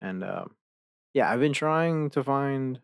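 Young male podcast host, slow-talking, profane and exasperated, dry close sound. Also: mid-range voice, animated, vocal fry, smooth, no room sound. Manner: profane, ranting, easily exasperated. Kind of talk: casual chat.

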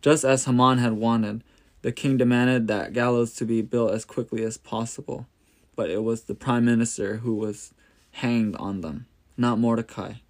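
A man's voice: medium pitch, steady tone, normal speed. Man reading a Bible story aloud.

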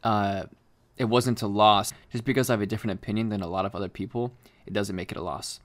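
A man's voice: on the low side, fairly even intonation, fast talker. A rambling, profane young man talking casually. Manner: rambling, profane, frequent fillers and restarts. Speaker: podcast co-host. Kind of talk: casual chat.

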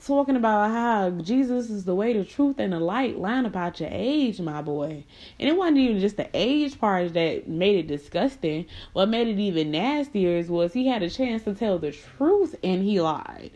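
A young adult woman telling a personal story in a casual, slangy, blunt way, laughing between lines and jumping into high mocking voices when she quotes people. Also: lively intonation, moderate pace, darkish tone, muffled recording.

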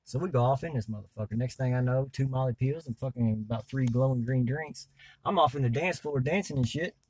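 A man's voice: medium pitch, a little fast, darkish tone, slightly rough, no echo. A man telling a crude story in a rambling, profane, laid-back way while stoned. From US South. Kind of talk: crude storytelling in casual chat.

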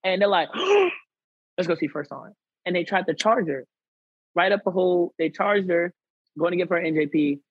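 A man's voice: high-pitched, moderate pace, pauses often, slightly rough, no room sound, lo-fi sound. A man guest on a podcast telling a personal story in casual slang, acting out what others said. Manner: animated, acts out quoted people; conversational American slang.

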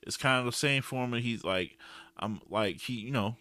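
A man hosting a podcast, giving a blunt, slangy, animated recap with frequent restarts. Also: medium pitch, moderate pace, dry recording. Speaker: podcast host. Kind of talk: casual recap commentary.

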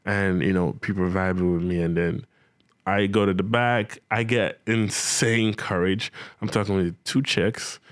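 A man's voice: low voice, unhurried, clear, resonant tone, dry recording, studio quality. Slangy young man telling a funny story. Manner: animated, slangy, acts out his own reactions. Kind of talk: casual comic anecdote.

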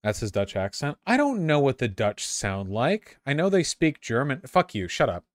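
A man's voice: medium pitch, very animated, normal speed, no echo, clean studio sound. A man reading a history text aloud and breaking off into casual, sarcastic asides, often stumbling and repeating words.

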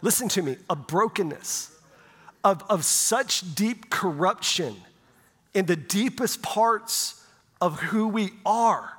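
In a church sanctuary with long reverb, a middle-aged male pastor gives a conversational sermon, often checking in by saying "right?". His voice is on the high side and fairly bright.

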